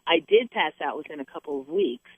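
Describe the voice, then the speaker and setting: A woman's voice: deep voice, lively intonation, brisk, vocal fry, slightly rough, no echo. A middle-aged woman hosting a talk show, talking in an emphatic preaching way and repeating words for emphasis. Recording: tinny phone line.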